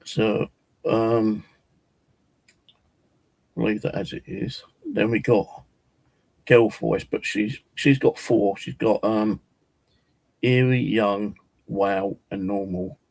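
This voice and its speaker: A man casually demonstrating ghost apps, rambling and hesitant with many pauses. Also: on the low side, fairly even intonation, gravelly, darkish tone, no room sound, rough recording. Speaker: paranormal vlogger.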